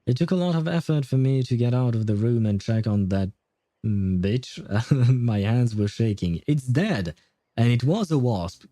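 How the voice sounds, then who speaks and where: Rambling streamer, dark dry voice. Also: male voice, mid-range voice, animated, normal speed, dry recording. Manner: rambling, self-correcting, chuckling. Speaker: game streamer. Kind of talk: casual chat while playing.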